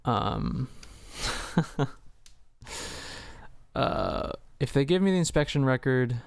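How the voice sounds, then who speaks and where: A man's voice: medium pitch, animated, slow, gravelly, dry recording. A man streaming from home, chatting casually with lots of fillers and some swearing, acting out both sides of a conversation as he tells it, with keyboard clicks behind him. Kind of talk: casual livestream chat.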